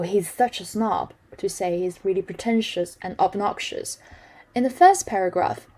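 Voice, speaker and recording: Woman explaining an article, calm teaching tone. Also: medium pitch, low-quality recording. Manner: explanatory, switches into French with ease. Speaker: host explaining news articles. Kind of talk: casual language lesson.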